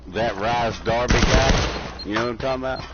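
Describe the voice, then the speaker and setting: A man's voice: mid-range voice, steady tone, normal speed, heavy background noise. A man with a Southern US accent chatting casually and joking during an online shooter game. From Southern United States. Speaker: gamer. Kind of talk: casual voice chat while gaming. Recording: lo-fi mic with loud game gunfire.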